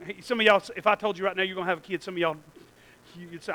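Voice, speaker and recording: A preacher man with a very high, bright voice, preaching to a church congregation. He drops to quiet asides, then climbs into shouted, stretched-out peaks. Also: no echo, rough recording. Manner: swings from low asides to shouted, drawn-out peaks. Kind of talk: sermon.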